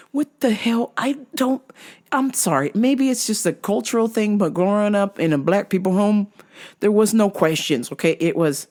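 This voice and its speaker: A woman's voice: medium pitch, measured pace, shouting. A young adult woman hosting a podcast, telling a story casually, swearing and acting out other people's voices. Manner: animated, profane, acts out other people's voices. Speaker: podcast host.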